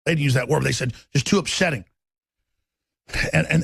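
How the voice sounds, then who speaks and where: A man hosting a talk radio show, with a raspy voice and an intense, forceful delivery that swings between fast and slow. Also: on the high side, no echo. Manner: intense, forceful, shifting pace.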